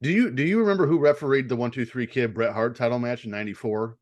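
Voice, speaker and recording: A man's voice: medium pitch, quick pace. A man interviewing a guest, asking detailed fan-level questions in a casual tone and chuckling now and then.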